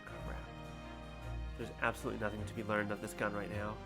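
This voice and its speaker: A man's voice: fairly low pitch, very animated, fairly quick, gravelly. Wry male streamer over game music. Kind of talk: casual let's-play commentary.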